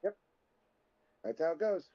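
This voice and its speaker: A man's voice: sing-song, a little slow. A man co-hosting a podcast, trading crude improvised comedy banter in a blunt, insulting way. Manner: blunt, insulting, swinging pitch. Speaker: podcast co-host. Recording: dull lo-fi audio.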